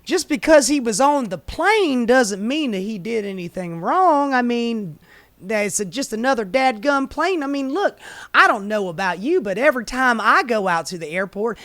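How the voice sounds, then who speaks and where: A man's voice: very high voice, expressive, normal speed, pushed and bright, no room sound, heavily acted. A man doing an impression of a folksy southern male congressman who plays dumb, in a mock-innocent way.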